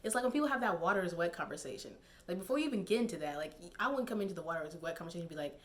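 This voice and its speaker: A woman's voice: on the low side, animated, very fast, few pauses. A young woman giving casual, digressive commentary to camera, laughing and using many fillers. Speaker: YouTube commentator.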